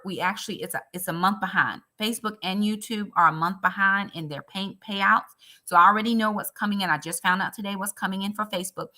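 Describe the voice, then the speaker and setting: A woman's voice: medium pitch, bright, forceful tone. A woman chatting casually on a budgeting live stream, earnest, speaking straight to her viewers and emotional about her faith.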